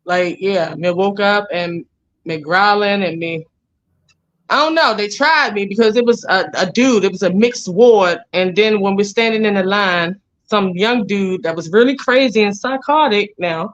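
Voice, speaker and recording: A woman's voice: medium pitch, a little slow. Interview guest: woman with a Jamaican accent, rambling and blunt, on muffled lo-fi audio. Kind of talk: casual interview storytelling.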